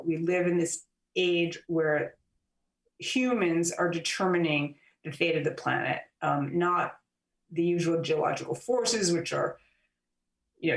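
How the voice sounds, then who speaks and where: Woman guest explaining things slowly, lots of "you know", sounds far from the mic in a big echoey room. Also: lowish voice. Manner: measured, explaining at length with frequent "you know" fillers. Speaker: author and journalist guest. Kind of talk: explanatory interview answers. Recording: roomy and distant from the mic.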